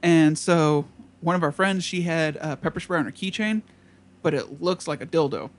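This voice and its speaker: A young man with a notably high voice tells a rambling party story to friends. His delivery is loose and profane, and he keeps acting out the other people in it. He laughs his way through the telling. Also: normal speed. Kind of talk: casual chat, storytelling.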